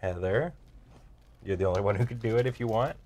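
A man's voice: lowish voice, brisk, a little mellow. A man hosting a casual board game show, playful and laughing often. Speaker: host.

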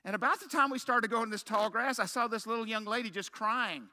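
A man's voice: extremely high pitch, brisk, sharp tone. A middle-aged man preaching a sermon as pastor, telling a story with self-mocking humor and punchy rhetorical questions.

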